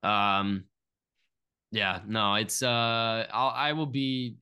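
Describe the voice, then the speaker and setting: A man's voice: on the low side, extremely slow, bright, forceful tone, clean tone. A young man co-hosting a sports podcast, talking casually, nervous and stammering, often repeating himself. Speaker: podcast co-host.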